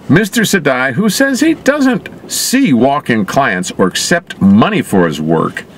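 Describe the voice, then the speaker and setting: A man reading news reports aloud and adding wry, sarcastic asides of his own. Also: mid-range voice. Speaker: commentator. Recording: loud traffic noise outdoors.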